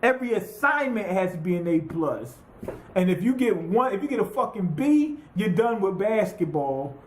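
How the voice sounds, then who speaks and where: Male anime reviewer, high voice, loose profane recap, roomy echo. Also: normal speed, slight background noise. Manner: profane, rambling, animated retelling with quoted voices. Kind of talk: casual recap monologue.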